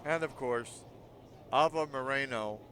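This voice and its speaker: A man's voice: mid-range voice, unhurried. A middle-aged man giving dry, sarcastic gameplay commentary as a gaming video host. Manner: dry, wisecracking. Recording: loud game crowd and noise behind.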